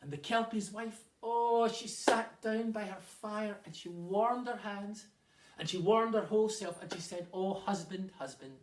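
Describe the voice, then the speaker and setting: Man reading children's tales, lively, in an echoing room with the mic far off. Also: high-pitched, slight background noise. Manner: lively, with dramatic pauses and repeated words. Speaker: storyteller. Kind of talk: children's storytelling. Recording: roomy, distant mic.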